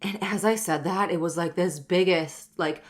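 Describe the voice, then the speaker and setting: A woman's voice: fairly low pitch, moderate pace. A woman in her thirties hosting her own wellness podcast, talking candidly and reflectively, often saying "like" and "you know". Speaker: podcast host. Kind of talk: personal wellness podcast monologue.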